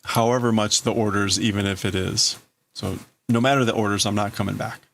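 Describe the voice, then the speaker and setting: Gravelly man translating manga live. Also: fairly low pitch, steady tone, brisk, a bit bright, a little hiss or hum. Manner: thinks aloud, tries out wordings. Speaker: livestream host translating manga. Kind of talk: casual live translation commentary.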